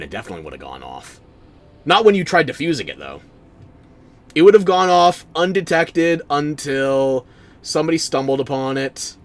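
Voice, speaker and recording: A man streaming a game, giving casual commentary in a wry, sarcastic way and bantering with chat. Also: medium pitch.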